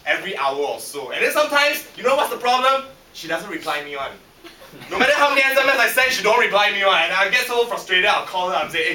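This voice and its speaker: Singaporean guy doing a funny contest speech, high bright voice, echoey room from far off. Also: fast, slight background noise. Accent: Singaporean English. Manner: lively, punchy, audience-teasing. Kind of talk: humorous prepared speech.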